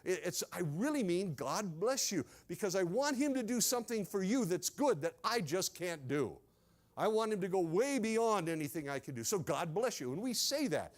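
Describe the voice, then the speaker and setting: Male pastor, high voice, animated first-person sermon storytelling. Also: normal speed.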